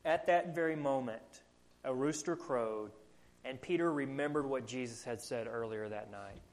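A man's voice: medium pitch, moderate pace. A man with a Southern US accent preaching a sermon, earnest and full of rhetorical questions. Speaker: pastor.

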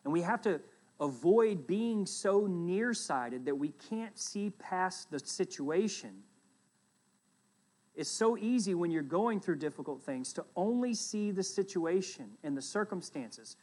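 A pastor preaching a Sunday sermon in a fairly high-pitched voice. He tells the scripture story with strong swings in loudness, pressing hard on key phrases and then falling to quiet asides. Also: animated, a little slow.

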